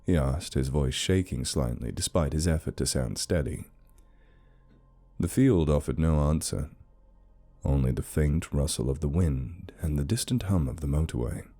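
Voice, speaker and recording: A man reading a horror story in a slow, measured, brooding way as scripted narration. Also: very deep voice, warm tone, soft background music.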